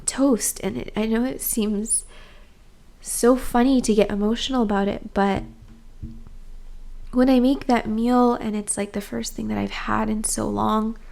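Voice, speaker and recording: A young woman talking candidly to her viewers in a personal vlog, soft and open-hearted, with frequent "um" and "like". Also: fairly high pitch, fairly even intonation, a little slow, creaky. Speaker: vlogger.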